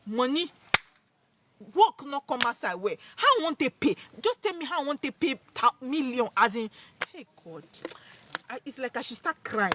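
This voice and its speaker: A young Nigerian woman telling viewers a personal story in an expressive, dramatic way, her speech mixed with Pidgin. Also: sits high, moderate pace, no room sound. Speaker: vlogger.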